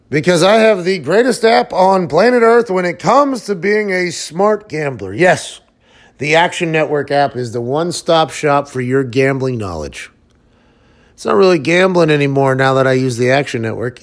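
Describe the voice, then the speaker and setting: A man in his thirties hosting a podcast, chatting casually and reading ads in a playful, upbeat way. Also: fairly high pitch. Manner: upbeat, playful salesman delivery in ad reads. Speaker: podcast host. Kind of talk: casual chat and read ad.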